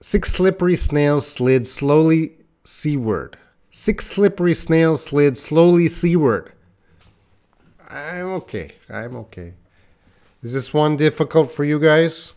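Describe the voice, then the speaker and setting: A man's voice: on the high side, lively intonation, takes it slowly, darkish tone. A man teaching a live online English lesson, trying tongue twisters, joking with viewers and laughing at his own mistakes. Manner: chats with viewers reading their comments.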